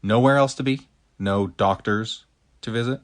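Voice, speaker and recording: A man's voice: on the low side, moderate pace, natural voice. A man playing a jealous young rival who blusters and sulks in an audio drama. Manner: sulky, blustering.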